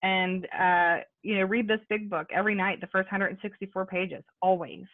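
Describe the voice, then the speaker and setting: A medium-pitched American woman with a steady tone and normal speed describes her recovery journey at a support meeting held by video call. Her delivery is chatty, filled with fillers and digressions. The audio is tinny like a phone call, with no echo.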